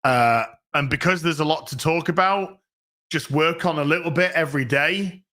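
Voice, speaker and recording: A man's voice: fairly high pitch, normal speed, pushed and bright. A man hosting a casual livestream, reading out chat messages and rambling with many restarts and frequent swearing. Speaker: streamer host reading chat.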